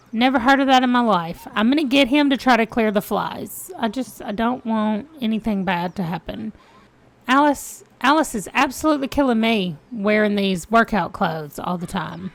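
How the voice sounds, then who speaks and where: A woman's voice: mid-range voice, lively intonation, normal speed. A woman giving casual, chatty commentary on her gameplay and talking to the game characters. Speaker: gaming let's-play host.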